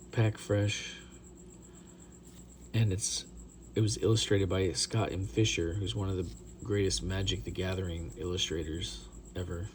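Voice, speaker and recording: A middle-aged man chatting casually as he opens trading card packs, rambling, excitable and self-deprecating. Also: low voice, a little hiss or hum. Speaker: card collector opening booster packs. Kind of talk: casual hobby vlog commentary.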